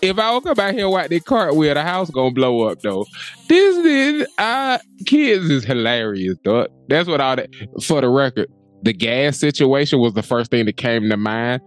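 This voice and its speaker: Casual podcast co-host, young adult man, lively swearing storyteller, faint music bed. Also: medium pitch, normal speed. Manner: animated storyteller, laughs often, swears freely. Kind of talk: casual chat.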